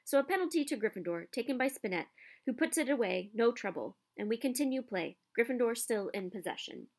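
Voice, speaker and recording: A woman voicing a cheeky young male sports commentator in a storybook reading, calling the play with excitement. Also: fairly high pitch, brisk. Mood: excited.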